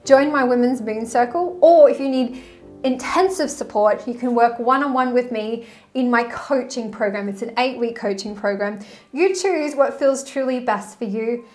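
Chatty woman coach vlogging about chakras, bit high voice, gushy and animated. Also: moderate pace, soft background music. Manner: animated and effusive, breaks into song. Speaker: spiritual coach. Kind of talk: casual spiritual vlog.

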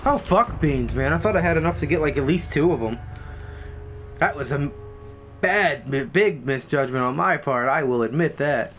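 A young man doing casual, profane let's-play commentary who swears a lot and gets excited easily. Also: on the high side, moderate pace, soft background music. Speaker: gameplay commentator.

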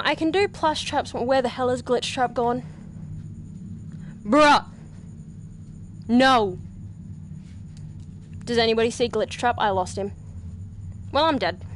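A woman's voice: high-pitched, fairly bright tone, a little hiss or hum. Jumpy woman streaming a horror game. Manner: jumpy, yelps and shrieks, counts aloud. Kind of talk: live-streamed VR horror gameplay commentary. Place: home room.

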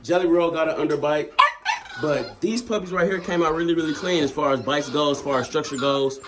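Laid-back dog breeder man, slightly high voice. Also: fairly quick, background noise. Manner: laid-back, talks to dogs mid-sentence; addresses viewers as y'all. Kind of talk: casual vlog.

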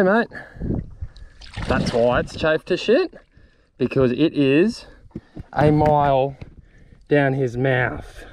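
A young man, a fishing vlogger, talking excitedly to camera and to the fish outdoors on the water, swearing as he goes. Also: medium pitch, a little hiss or hum. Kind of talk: excited solo fishing commentary.

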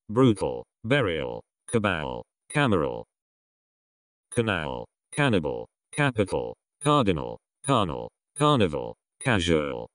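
A man's voice: sits low, no echo, studio quality. A man reading English vocabulary words aloud one at a time, in evenly spaced single words. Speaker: vocabulary reader. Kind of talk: reading word lists aloud.

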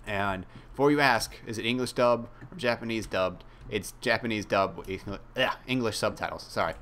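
Rambling young man, low voice. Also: moderate pace, a bit bright, a little hiss or hum. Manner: rambling, self-mocking, casually profane. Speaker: gaming YouTuber. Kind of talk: casual chat while playing a game.

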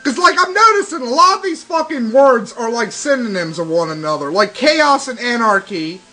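High-pitched ranting young man. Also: lively intonation, normal speed, bright, forceful tone, low-quality recording. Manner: ranting, sarcastic, swears constantly. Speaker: let's play commentator. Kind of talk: profane game commentary. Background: game music.

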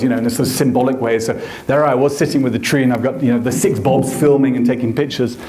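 A male photographer giving an anecdotal lecture, telling stories with animated acted quotes. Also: medium pitch, fast, few pauses, reverberant. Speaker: photographer and guest speaker. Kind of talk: storytelling lecture. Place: lecture hall.

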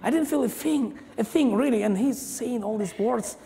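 A man preaching a sermon as a guest pastor, emphatic and halting, with many hallelujahs and non-native phrasing, recorded in a church hall. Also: very high voice, vocal fry, mellow. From Israel. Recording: long reverb of a large church hall.

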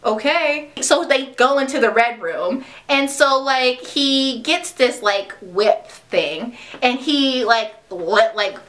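A woman's voice: fairly high pitch, slow, hardly any pauses, fairly bright tone. A young adult woman giving a casual, chatty movie review with lots of fillers. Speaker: vlogger.

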